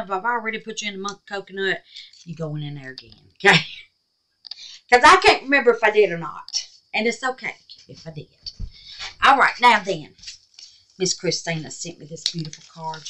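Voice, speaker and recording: A woman hosts a crafting vlog from home, chatting in a folksy, affectionate way and often dropping to a near whisper. Her mid-range voice is bright and forceful at a moderate pace, over a rough recording with slight background noise.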